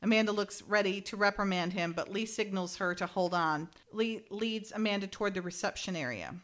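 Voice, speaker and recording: A woman talks through a TV script in a casual podcast chat. She reads each quoted line and then adds her own quick jokes. Her pitch sits in the middle for a woman. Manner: animated, reads quotes then jokes and laughs between them. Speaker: podcast host.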